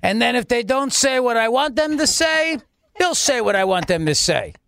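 A man doing a mocking impression of a pompous, boastful male governor in a slow, self-satisfied drawl. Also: very high-pitched, big pitch swings, vocal fry, fairly bright tone, slight background noise, exaggerated voice. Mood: smug.

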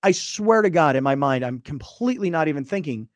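A male podcast host telling a story in casual chat, animated and acting out the voices of others. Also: fairly high pitch, quick pace, few pauses, dry recording, clean studio sound. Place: studio.

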